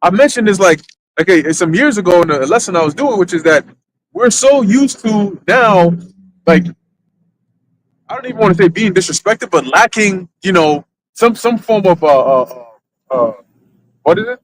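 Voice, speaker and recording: A man with a high voice preaches in a loose, conversational way during a church livestream. He stalls on fillers and repeats himself while he hunts for the right word, then pushes on with his point. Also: animated, noisy background. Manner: halting, searches for words with many fillers. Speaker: church teacher. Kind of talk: conversational sermon in a live church stream.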